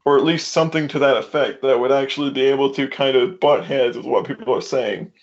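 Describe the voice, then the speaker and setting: A man's voice: medium pitch, steady tone, a little fast, highs cut off. A man co-hosting a stream, arguing in an exasperated, profane, reasoning tone over a voice call. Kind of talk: casual stream argument.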